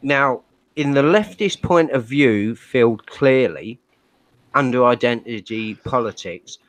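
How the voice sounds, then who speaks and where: A man in an everyday mid-range voice, holding forth bluntly on a casual group stream. He swears freely and rants, and his pitch sits right in the middle for a man. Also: animated, slow, no echo. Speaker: stream panelist. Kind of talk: casual chat.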